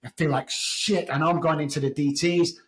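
A man's voice: on the high side, steady tone, brisk, fairly bright tone, poor audio. A middle-aged man with an English accent, a podcast guest telling his story in a candid, raw way, swearing freely. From England. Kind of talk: storytelling interview.

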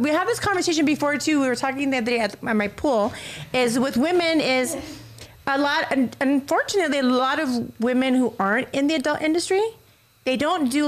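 A woman who is a guest on a casual podcast, telling a story in an animated way, acting out quotes and swearing freely. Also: high voice.

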